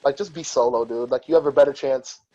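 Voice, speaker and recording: A man hosting a podcast who tells personal stories in a candid, profane and animated way. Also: mid-range voice, quick pace, dull audio. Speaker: podcast host. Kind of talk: casual podcast storytelling.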